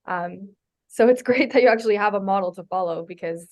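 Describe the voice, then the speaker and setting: A woman's voice: medium pitch, brisk, a little mellow. A woman co-hosting a podcast interview, talking in a friendly, reflective way with many fillers. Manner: friendly, reflective, uses "like" a lot. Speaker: podcast co-host.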